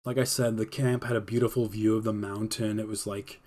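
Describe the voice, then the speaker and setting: A man's voice: on the low side, little pitch movement, fairly quick, a little mellow. A young man hosting a podcast, telling stories in a rambling, laid-back way with many filler words. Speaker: podcast host. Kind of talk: casual storytelling on a livestream podcast.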